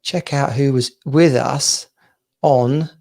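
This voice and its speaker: A man's voice: mid-range voice, steady tone, takes it slowly, gravelly, a little mellow. A man co-hosting a podcast in casual chat, rambling and repeating words, with frequent laughs, over a video call. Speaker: podcast co-host.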